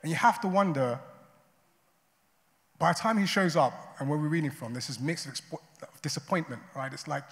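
A man's voice: a little high, normal speed. A man preaching a sermon as a pastor, in a conversational way, often adding "right?" and "you know". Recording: long hall reverb.

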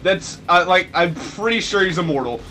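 A man's voice: sits high, expressive, moderate pace, sharp tone, a little hiss or hum. A young man commenting on a video game he is playing, rambling and sarcastic, with sudden mock-dramatic outbursts. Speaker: let's play commentator. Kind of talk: gameplay commentary.

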